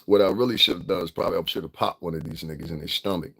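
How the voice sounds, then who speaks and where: A middle-aged Connecticut vlogger with a low, somewhat bright voice talks at a racing pace. Ranting bluntly and profanely on a casual livestream, he laughs often.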